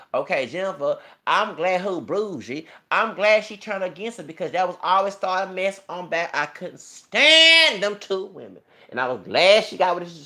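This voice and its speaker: A man's voice: sits high, a bit bright. A man ranting emotionally and profanely in his own vlog, delivering celebrity gossip commentary. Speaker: YouTuber.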